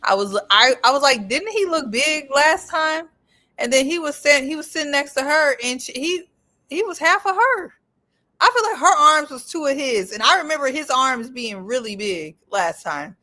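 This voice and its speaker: A woman from the United States speaking as a panelist in a casual chat, animated and gossipy. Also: high voice, normal speed.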